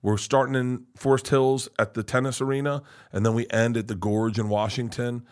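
A man talking excitedly as a guest comedian in casual podcast chat, swearing and rushing. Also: mid-range voice.

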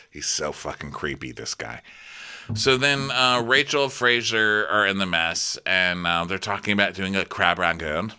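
A man's voice: lowish voice, very animated, takes it slowly, bright, forceful tone, clear, resonant tone. A man co-hosting a comedy podcast, recapping a reality show in a sardonic, jokey way. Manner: sardonic, jokey, acts out scenes. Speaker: podcast co-host.

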